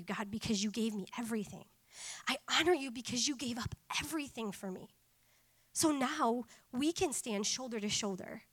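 A woman in her thirties preaching a sermon in an animated way, laughing often and breaking into lively asides. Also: fairly high pitch.

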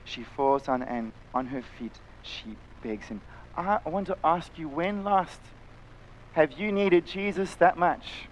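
A middle-aged man preaching a sermon, impassioned, sometimes acting out voices and sometimes dropping to a quiet intensity. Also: on the high side, slow pace, a little hiss or hum, rough recording. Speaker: pastor. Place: church, live-streamed service.

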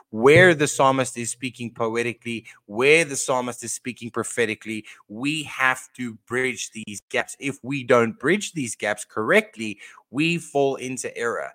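A man's voice: mid-range voice, sharp tone, no echo. A man talks through a faith topic on a podcast with earnest, preachy conviction, often restarting his sentences. His voice sits in a middle register. The sound is dry and close, with no room around it. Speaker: podcast co-host. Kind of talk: casual Christian podcast talk.

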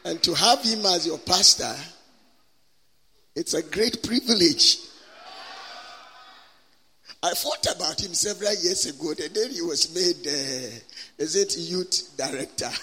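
A man preaching as a guest speaker at a church conference, leading prayer and having the congregation repeat scripture after him with an impassioned, drawn-out cadence. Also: fairly high pitch, bright, forceful tone, breathy edge. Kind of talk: sermon with prayer and call-and-response. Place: large church hall. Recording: long hall reverb.

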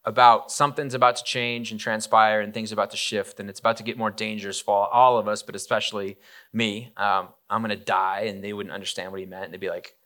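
Male pastor, bright, forceful voice, casual storytelling sermon. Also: on the low side, fairly quick. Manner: casual, animated, many fillers and asides.

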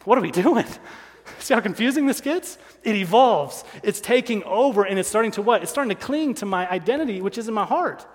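A man's voice: high-pitched, expressive, brisk, long reverb tail. A male pastor preaching a sermon, driving points home by repeating key lines and asking rhetorical questions.

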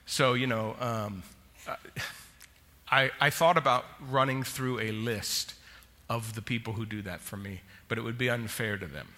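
Bright-toned male pastor in a reverberant hall. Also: medium pitch, fairly even intonation, moderate pace. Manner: emotional storytelling, ends in prayer. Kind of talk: sermon. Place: church sanctuary. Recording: long church hall reverb.

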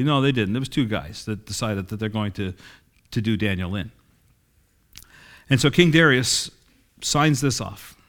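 A man's voice: medium pitch, a bit bright. A middle-aged man preaching a sermon in a conversational way, reading scripture and acting out quoted dialogue.

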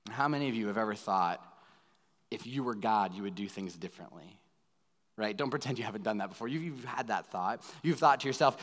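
A man's voice: lowish voice, brisk. A male pastor preaching a sermon in an earnest way, putting rhetorical questions to the congregation and swelling into emphasis. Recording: reverberant hall.

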